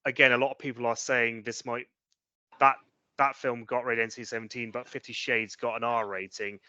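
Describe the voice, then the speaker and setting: A man's voice: mid-range voice, flat delivery, normal speed, pushed and bright, dry recording, muffled recording. A British man co-hosting a casual chat show, ranting in an opinionated way with British slang. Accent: British English. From Britain. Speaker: podcast co-host.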